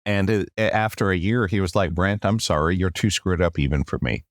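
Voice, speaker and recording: A middle-aged man with a low, deep voice tells his story as a podcast guest. He acts out his quoted rants and keeps coming back to "long story short". The recording is close and dry. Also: a little fast, no echo.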